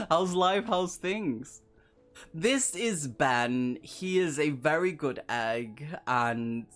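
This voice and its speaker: A man's voice: mid-range voice, fairly bright tone. A man streaming a gamebook playthrough, reading aloud and chatting with viewers, laughing often. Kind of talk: live-stream reading and chat.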